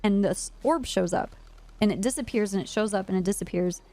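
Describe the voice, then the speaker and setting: A woman's voice: medium pitch, brisk, faint music behind. A woman streaming a roleplay game, telling a story in character in a casual way, full of "like" and swearing. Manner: animated, lots of "like", frequent swearing.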